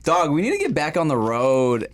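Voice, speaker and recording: A man's voice: on the high side, huge pitch swings, moderate pace, noisy background. Slangy laid-back male podcast host. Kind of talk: casual chat.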